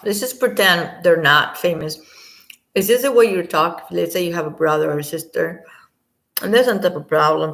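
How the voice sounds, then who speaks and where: Gravelly low-voiced woman commenting. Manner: rambling, drops to a quiet near-whisper at times. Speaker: commentator reacting to audio. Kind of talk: casual commentary.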